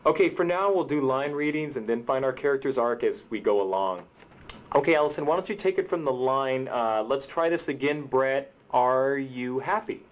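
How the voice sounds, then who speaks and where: A man's voice: mid-range voice, animated, normal speed, lightly acted. A man playing a cynical, unpublished writer who directs his own film, giving dry, smug retorts. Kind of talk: indie comedy drama acting.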